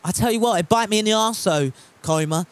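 A man's voice: sits high, a little fast. A man chatting casually while streaming a game from home, reading chat aloud and swearing freely.

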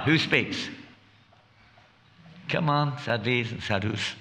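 Lively gravelly man teaching a class. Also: mid-range voice, a little slow. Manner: keeps asking the audience questions, chatty and joking. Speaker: monk giving a scripture class. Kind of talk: scripture class lecture to a temple audience.

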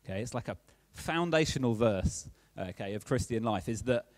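A young man preaches in a relaxed, conversational way and keeps checking that his listeners are following. His voice is very animated, rising and falling a lot. The sound is close and dry, with no room echo. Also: mid-range voice, moderate pace. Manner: chatty, checks in with "okay?" often. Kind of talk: conversational sermon.

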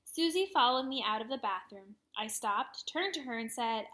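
A woman reads a children's chapter book aloud. Her voice sits a bit high, and she tells the story in a lively, expressive way. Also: moderate pace, few pauses. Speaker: reader.

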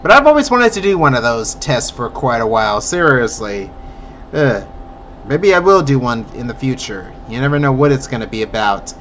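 A man's voice: mid-range voice, big pitch swings, normal speed, a bit bright, slight background noise. A man hosting a reaction video, talking hesitantly with many filler sounds and frequent chuckles. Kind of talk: casual reaction commentary.

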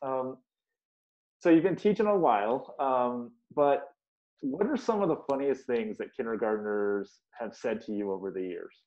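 Man, interviewer, encouraging, appreciative, mid pitch, lo-fi sound. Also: animated, normal speed, mellow. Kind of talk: casual interview. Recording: dull lo-fi sound.

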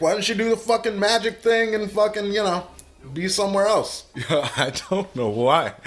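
A man giving a casual, profane reaction commentary while watching a movie, blurting out excited remarks. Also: mid-range voice. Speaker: reaction video host.

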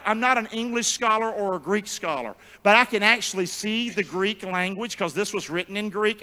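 A male pastor preaching a sermon in call-and-response style, jumping from shouts to low murmurs. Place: church sanctuary. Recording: long church hall reverb.

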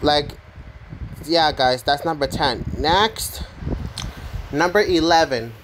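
A man's voice: fairly high pitch, slow pace, noisy background. A man hosting his own channel, casually talking through a ranking of his favorite users. He rambles, repeats himself, keeps asking "right?" and trips over names before correcting himself. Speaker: channel host.

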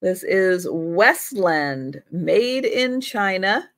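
A woman's voice: mid-range voice, expressive, very slow, a bit bright, dry recording, clean studio sound. A middle-aged woman hosting a live vintage sale, chatting casually and talking to her pets between items. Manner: chatty, talks to her pets in baby talk. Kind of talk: casual live selling chat.

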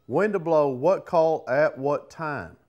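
A man's voice: on the high side, takes it slowly, a little mellow, muffled recording. A man, a duck hunter giving blunt, folksy calling advice with humor. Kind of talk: casual advice.

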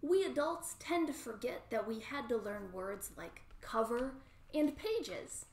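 A woman's voice: fairly high pitch, lively intonation, measured pace, reverberant. Sing-song woman leading a baby storytime. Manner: cheerful, sing-song, singing rhymes. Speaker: children's librarian. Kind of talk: storytime lesson with songs and rhymes. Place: at home.

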